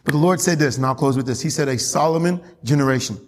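A man preaching a sermon as pastor, animated, laughing often and pushing his voice up for emphasis. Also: medium pitch, fast. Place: church sanctuary. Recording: long hall reverb.

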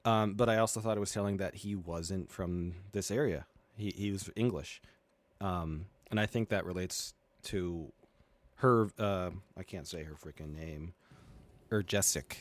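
A man's voice: deep voice, unhurried. A man discussing a novel with friends over a video call, reading passages aloud with feeling and laughing easily. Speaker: book club member.

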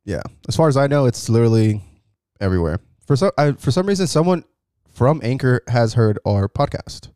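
A man's voice: medium pitch, animated, fairly quick, warm tone, clear, resonant tone, dry recording, clean studio sound. A young man co-hosting a casual podcast, joking around and laughing often. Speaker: podcast co-host. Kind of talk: casual chat.

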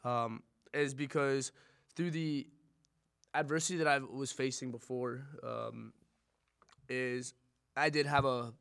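A man's voice: mid-range voice, fairly even intonation, slow, vocal fry, long pauses, a bit bright, clean tone. A man speaking as a podcast guest in casual chat, hesitant, stammering and restarting his sentences.

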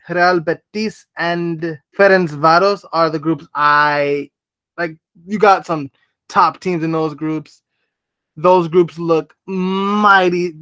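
A man hosting a sports podcast in casual chat, brisk and dryly teasing as he runs through lists. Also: sits high, a bit bright, smooth. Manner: brisk, lists teams rapidly with dry teasing. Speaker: podcast host.

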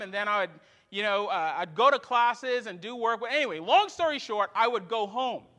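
High, bright-voiced male pastor preaching. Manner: storytelling with lively acted quotes. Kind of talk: sermon.

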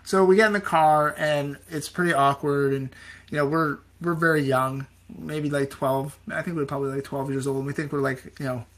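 A man's voice: on the high side, fairly even intonation, normal speed, fairly bright tone. A man in his thirties from Canada, telling rambling, self-deprecating anecdotes in casual chat.

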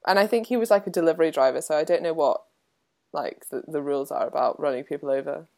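A woman's voice: low-pitched, fast, creaky. A young adult woman co-hosting a casual podcast, telling stories in a chatty way with lots of "like". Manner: chatty, lots of "like", animated retelling. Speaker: podcast co-host. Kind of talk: casual chat, storytelling.

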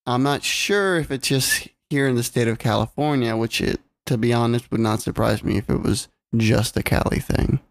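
A man's voice: medium pitch, moderate pace, hardly any pauses. A man co-hosting a casual podcast, laid-back and loose, with lots of fillers and free swearing. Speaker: podcast co-host. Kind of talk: casual chat. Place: California home recording.

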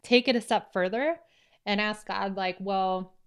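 A woman's voice: mid-range voice, unhurried, clean tone. A woman co-hosting a faith-based podcast, speaking in an earnest, candid, reflective way. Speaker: podcast co-host.

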